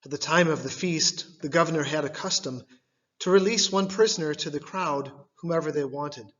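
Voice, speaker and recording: A man giving a liturgical scripture reading, delivered in measured phrases, one at a time. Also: fairly high pitch, highs cut off. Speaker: scripture reader.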